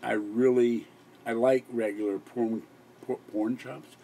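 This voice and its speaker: A man's voice: mid-range voice, fairly even intonation, slow pace, vocal fry, dark tone, slightly rough. An exhausted older man who hosts a live stream, rambling and giggling with many restarts late at night. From Pittsburgh area. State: exhausted, sleep-deprived.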